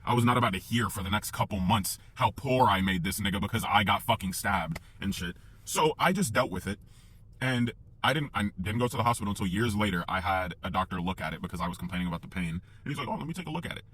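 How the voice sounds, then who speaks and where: A young man telling a personal story in a casual, profane, animated way, acting out the sounds as he goes. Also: on the low side, fast.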